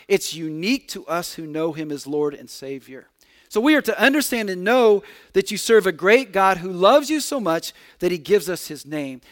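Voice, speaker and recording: A man's voice: high voice, a bit bright. A middle-aged male pastor preaching a sermon to his congregation, earnest and personal, often repeating a word as he restarts a phrase.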